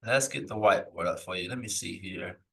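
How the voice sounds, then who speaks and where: A man teaching a live lesson, reading old texts slowly aloud and then explaining them in loose, searching asides. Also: low voice, vocal fry, bright, forceful tone, distant mic, rough recording. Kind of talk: live recorded scripture lesson.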